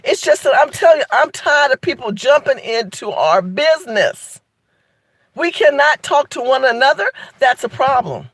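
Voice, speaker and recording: A woman's voice: sits high, expressive, moderate pace, no room sound. A woman hosting a live video, talking straight to her viewers in a sassy, emphatic way. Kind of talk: animated live-stream commentary.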